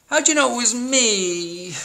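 A man's voice: expressive, a little slow, sharp tone, exaggerated voice. A man doing a wailing worried turkey. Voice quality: high, whiny wail. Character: anxious male turkey, wailing and moaning.

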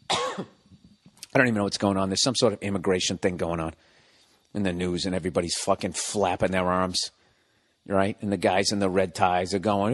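Recording indoors at home, this podcast host, a Boston man in his forties, rambles through a comic monologue full of swearing and sarcastic, animated rants. He speaks low, at normal speed, pausing often, and the audio has a big-room sound.

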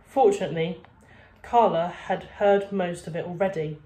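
A woman teacher reading a children's storybook aloud in a clear, measured way. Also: on the low side, warm tone, echoey room.

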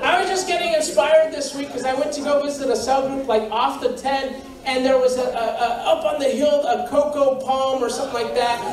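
A man preaching a sermon in a joking, animated way, often repeating his phrases. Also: extremely high pitch, fairly quick, few pauses, a little hiss or hum. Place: church sanctuary. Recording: echoey church hall, mic far off.

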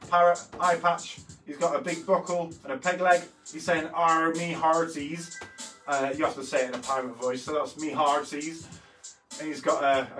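Fairly high-pitched and fairly bright, this thirtysomething man casually guides people through his artwork at a workshop he's hosting. His talk is full of fillers and corrections of himself, and the mic sits a bit far off with soft background music.

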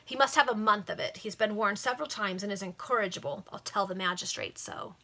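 A woman's voice: medium pitch, fairly quick, bright, forceful tone. A woman voicing a pompous, overbearing male police inspector who gives curt commands. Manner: curt, commanding, self-important.

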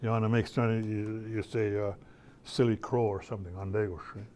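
A man's voice: on the low side, level tone, a little fast, warm tone, slight background noise. An older man, an artist talking casually to schoolchildren in a folksy, storytelling way, often repeating his phrases. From Canada. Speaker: visiting artist.

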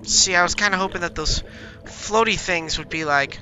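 A man's voice: high voice, moderate pace, bright, forceful tone, muffled recording, faint music behind. A young man hosting a gaming channel, giving jumpy let's-play commentary and talking to himself and to the monsters chasing him.

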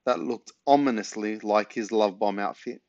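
A man reading a children's book aloud in an unhurried, relaxed way. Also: fairly low pitch, no room sound, dull audio. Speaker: reader.

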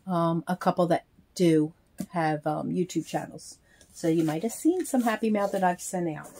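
A woman casually talking through opening a package in a chatty, halting way, counting things aloud. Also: mid-range voice, a little mellow, slight background noise. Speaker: reborn doll vlogger. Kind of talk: casual unboxing vlog.

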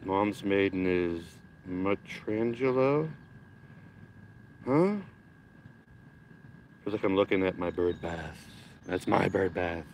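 A man's voice: low voice, flat delivery, normal speed, slight background noise, low-quality recording. A man hosting a casual gardening livestream from his backyard, chatting and swearing loosely while reading out viewer comments. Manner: chatty, swears casually, reads chat aloud.

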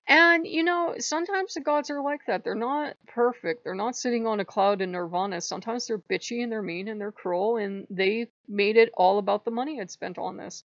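An agitated woman rants close to the mic, her voice gravelly with fry. She is near tears, repeats herself and swears freely. The sound is dull and dry, with no room around it. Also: medium pitch, dry recording. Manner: upset, venting, swears often, rambling with repeats. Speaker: channel host. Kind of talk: emotional personal vlog rant.

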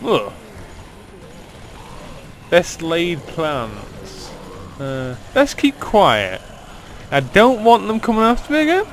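A man riffing over a video game with crude, sarcastic jokes. His high voice swoops wildly up and down, and a faint hiss sits in the background. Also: huge pitch swings, slow pace, long pauses, poor audio. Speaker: let's play gamer. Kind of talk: casual gaming commentary.

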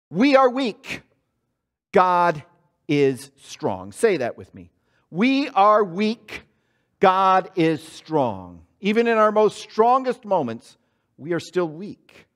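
Man, pastor, church sermon, high voice, very lively pitch, dramatic storytelling. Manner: animated preaching with dramatic voice swings, acting out quotes. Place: church sanctuary.

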